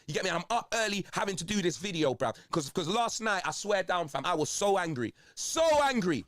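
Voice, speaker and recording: A young man with a London accent talks football in rapid, slang-packed bursts. His voice sits a touch high and sounds congested. The sound is dry and close. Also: no room sound. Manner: slang-heavy, animated, ranting. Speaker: football video host. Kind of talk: casual football banter.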